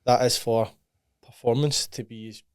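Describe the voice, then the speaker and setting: A man's voice: mid-range voice, steady tone, normal speed, a little mellow, clear, resonant tone, no echo. Candid Scottish man, dry close sound. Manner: candid, laughs often, says aye and right. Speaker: podcast guest, bodybuilding client. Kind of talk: casual chat.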